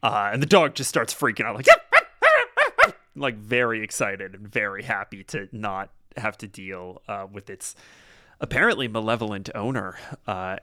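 A man's voice: fairly low pitch, sharp tone. A man narrating a tabletop role-playing game as game master, casual and improvising with lots of fillers.

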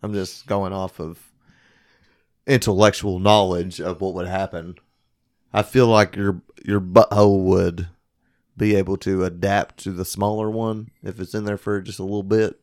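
A man's voice: deep voice, level tone, moderate pace, a little mellow. A man co-hosting a podcast, crude and joking in casual banter. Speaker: podcast co-host.

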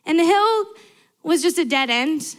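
Young woman preacher, high bright voice, earnest sermon with repeated emphatic lines. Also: animated, measured pace.

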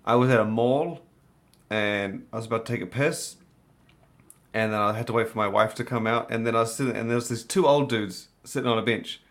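A man with a New Zealand accent chats on a podcast, relaxed and easygoing. He tells stories with plenty of swearing. His voice sits at an ordinary pitch. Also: fairly quick. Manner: laid-back, profane storytelling. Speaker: podcast co-host. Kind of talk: casual podcast chat.

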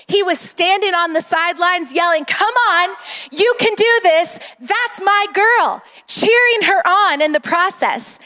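High-voiced woman pastor preaching a sermon. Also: a bit bright. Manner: earnest, rallying congregation.

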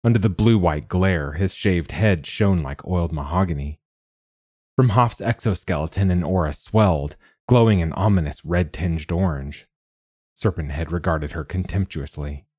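A man narrating a novel in the first person with measured, steady delivery. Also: deep voice, slightly rough, dry recording, clean studio sound. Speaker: audiobook narrator.

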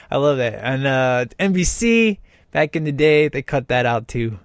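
A man giving casual, excited commentary while watching a film, often acting out the characters. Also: mid-range voice, slow, smooth, dry recording. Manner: excited, enthusiastic, imitates characters. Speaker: host reacting to a film.

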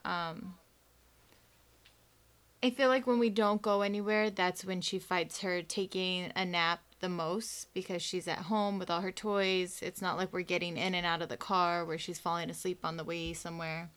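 A woman in casual chat, relaxed, laughing easily, sharing stories about her kids. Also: fairly low pitch, normal speed, smooth.

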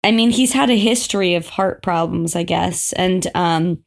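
A woman's voice: fairly low pitch, moderate pace, creaky. A woman co-hosting a casual TV recap chat, laughing often and retelling scenes with animation. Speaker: podcast co-host.

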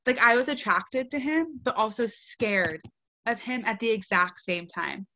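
Bright-voiced woman chatting casually. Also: on the high side, unhurried. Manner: animated, swears freely, quotes lines in a dry deadpan. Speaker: podcast co-host reviewing a book. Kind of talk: casual book review chat.

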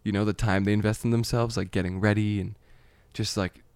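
A man's voice: on the low side, little pitch movement, brisk, darkish tone, smooth, no echo. A man talking in casual, rambling chat, swearing freely and laughing at his own points.

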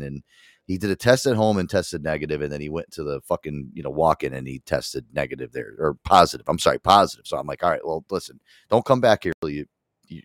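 Deep-voiced profane man. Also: dry recording, studio quality. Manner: profane, animated storytelling. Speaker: podcast host. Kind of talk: casual chat.

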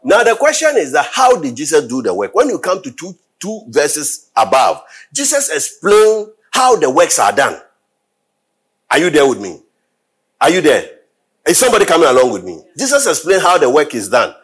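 A man delivers a sermon with a slightly husky, somewhat high voice that swoops up and down. He keeps asking his listeners whether they are with him, repeats his questions, and reads scripture slowly and loudly. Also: wildly swooping pitch. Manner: call-and-response preaching, repeats questions, rises to loud scripture reading. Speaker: preacher.

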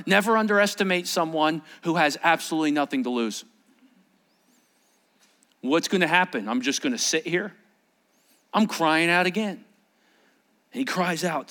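A male pastor preaching a sermon, acting out the quotes he reads with loud shouts. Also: sits high, moderate pace. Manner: animated, acts out shouted quotes.

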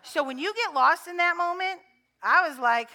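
A woman pastor preaching a sermon, moving between conversational storytelling and loud, fervent repetition. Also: very high voice, lively intonation, moderate pace.

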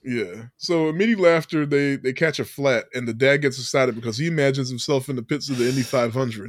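A man's voice: mid-range voice, quick pace, no room sound, studio quality. A man co-hosting a podcast, retelling a film scene by scene with frequent laughter and acted-out quotes. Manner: animated storyteller, laughs often, acts out quotes. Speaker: podcast co-host. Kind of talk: casual movie recap chat.

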